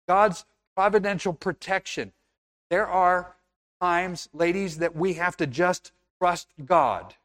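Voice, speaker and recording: A man's voice: high voice, a bit bright. A man preaching a sermon in an earnest, conversational way, now and then acting out little scenes.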